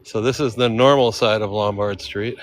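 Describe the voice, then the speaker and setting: A man's voice: on the low side, fairly even intonation, moderate pace, a little hiss or hum. A man vlogging on a handheld phone while walking steep city streets outdoors, out of breath, with laid-back slangy talk that keeps calling viewers dude. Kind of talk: casual walking livestream chat.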